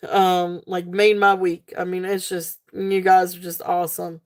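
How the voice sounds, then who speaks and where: A woman's voice: lowish voice, flat delivery, unhurried. A woman hosting a live jewelry sale stream, giggly and gushing at her viewers, rambling with lots of fillers. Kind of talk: casual live-stream selling chat.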